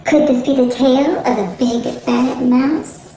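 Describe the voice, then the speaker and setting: A woman teacher from the northern United States reading a children's picture book aloud in a clear, lilting way. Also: sits high, steady tone, slow, warm tone, slight background noise. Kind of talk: children's storybook read-aloud. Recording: roomy echo, faint music.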